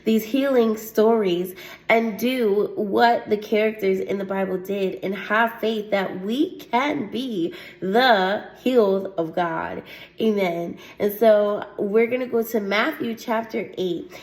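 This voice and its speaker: A woman at a middle pitch preaches a heartfelt teaching sermon and reads scripture aloud. She punctuates her points with frequent "Amen"s and soft laughs. The room around her is echoey. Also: takes it slowly. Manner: earnest, repeats "Amen" often, laughs lightly. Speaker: host of a faith testimony show.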